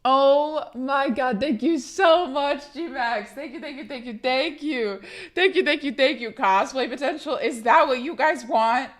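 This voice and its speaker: Young woman streamer, hoarse, chatty and swearing, a little high. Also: a little slow. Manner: chatty, profane, laughing, reading chat aloud. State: hoarse from being sick. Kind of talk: casual live-stream chat.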